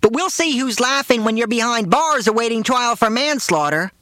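A doom-predicting older father who rants and shouts in a strained, pinched, much higher voice, as a man puts him on. He sounds odd and far from his own tone, close and dry. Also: lively intonation, moderate pace, dry recording, exaggerated voice. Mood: ranting. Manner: shouting, ranting in a high strained voice.

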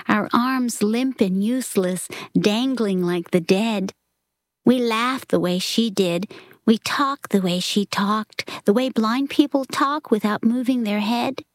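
A woman reading a story aloud in a soft, often half-whispered delivery. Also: medium pitch, dry recording, studio quality. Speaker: reader.

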